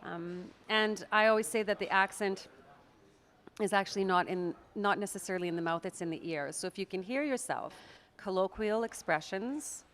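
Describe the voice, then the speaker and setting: A woman's voice: medium pitch, moderate pace, a bit bright. A woman with a Canadian accent, an actress and accent coach, explaining and demonstrating pronunciation in an interview. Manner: explanatory, demonstrates words aloud, laughs often. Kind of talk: interview answers.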